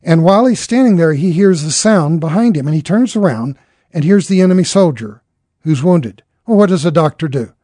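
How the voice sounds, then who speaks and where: A man's voice: a little high, lively intonation, fairly quick, dark tone, no echo, clean studio sound. A man telling a dramatic story in an earnest way, acting out the characters' lines as he goes.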